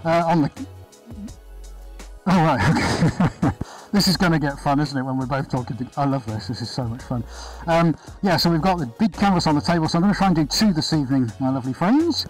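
A man with a slightly high voice chats through a live painting stream in his studio, upbeat and friendly as he greets viewers by name. Soft music plays faintly in the background. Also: lively intonation, a little fast, low-quality recording. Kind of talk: casual live-stream chat. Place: art studio, indoors. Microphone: body-worn chest camera.

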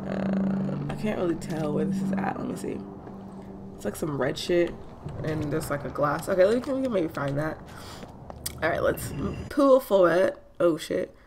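A woman commentating a video game playthrough in a casual, excitable, self-deprecating way, swearing often. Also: deep voice, moderate pace, noisy background. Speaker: gamer streamer. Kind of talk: casual let's play commentary.

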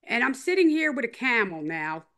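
A woman's voice: on the high side, very animated, moderate pace, fairly bright tone. A woman interview guest in a casual chat, rambling, repeating herself and teasing in a playful way. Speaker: interview guest telling her story.

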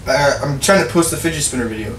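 A man's voice: a little high, quick pace, a bit bright, slight background noise. A man in a comedy sketch, reluctant and whiny, using casual slang, in a roomy, distant home recording. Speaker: co-host.

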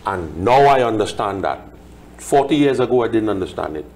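A man's voice: lowish voice, expressive, a little fast, a little mellow. A man, a Hindu pandit explaining scripture in a religious discussion, chanting Sanskrit verses and translating them line by line.

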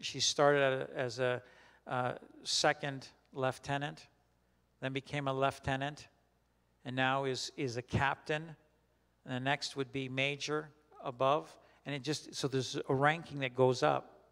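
A man leading a Bible study as a pastor, teaching in a conversational, halting way with many restarts and questions put to the group. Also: medium pitch, level tone, fairly bright tone, clear, resonant tone, in a large hall. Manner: questions the group and repeats their answers.

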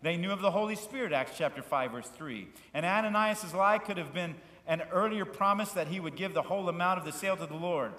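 Pastor preaching in an echoey church. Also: male voice, high-pitched, brisk, few pauses. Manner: swings between loud, fervent preaching and quiet, soft asides; asks the congregation questions and invites them to repeat words. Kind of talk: sermon. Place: church sanctuary. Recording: echoey church hall with long reverb.

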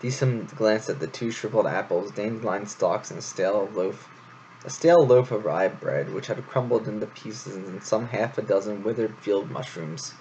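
Gravelly man reading a story aloud. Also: fairly low pitch, moderate pace, a little mellow, slight background noise. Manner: casual, rambling asides. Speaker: reader of a novel. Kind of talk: casual read-aloud storytelling. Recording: dull lo-fi home recording.

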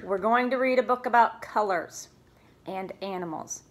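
A woman's voice: medium pitch, background noise. A woman preschool teacher reading a picture book aloud to young children, with playful asides and questions. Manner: slow, sing-song storytime voice with playful asides.

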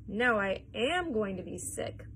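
A shrill, panicky mother, played by a woman. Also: expressive, normal speed, sharp tone, a little hiss or hum, rough recording. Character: frightened, fussy middle-aged mother.

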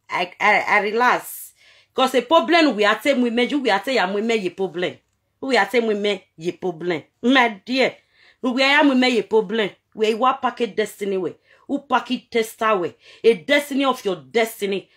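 Nigerian woman, vlog rant, scolding and repetitive, fairly high voice. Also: a bit bright. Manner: repetitive, scolding, switching between Pidgin and local-language phrases. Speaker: vlogger. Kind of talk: direct-to-camera rant.

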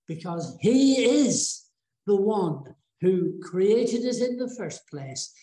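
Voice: medium pitch, darkish tone. A preacher retelling a Bible story in a casual, colloquial sermon, with many fillers and restarts, in a church. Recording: echoey church room.

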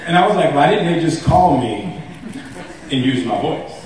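In a large convention hall, a male actor on a stage panel shares humorous stories in an animated, casual way at a moderate pace, his voice on the high side. He laughs and raises his voice to act out quotes, and the echoey recording picks him up from a distant mic.

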